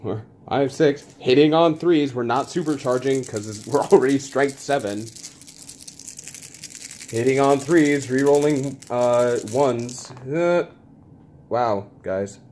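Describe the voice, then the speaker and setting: A man's voice: medium pitch, slow, a little mellow, slight background noise. A man playing a tabletop wargame, narrating his dice rolls in a casual, playfully exasperated way, with little sound effects as he rolls. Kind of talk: casual play-by-play of a tabletop game.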